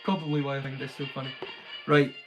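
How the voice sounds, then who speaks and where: A man's voice: mid-range voice, little pitch movement, quick pace, over music, low-quality recording. A man hosting a live stream, chatting casually and rambling, with lots of "like" fillers and restarts. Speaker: streamer, host.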